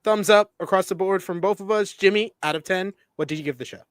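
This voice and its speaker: A man co-hosting a casual wrestling review chat, animated and laughing as he tells stories. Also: high voice, fast talker, smooth, dry recording, clean studio sound. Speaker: co-host of wrestling review show.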